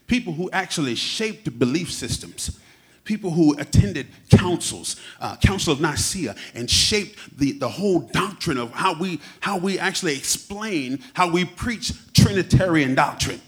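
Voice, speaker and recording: A man preaching a sermon, humorous and animated, acting out quotes as he teaches. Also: a little high, unhurried.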